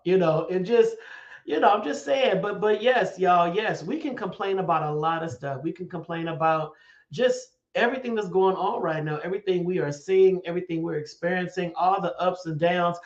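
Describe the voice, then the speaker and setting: A man hosting a live online talk show, preaching and joking with viewers by name. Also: sits high. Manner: preachy and playful, talks to chat viewers by name. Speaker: host. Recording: echoey, dull lo-fi stream audio.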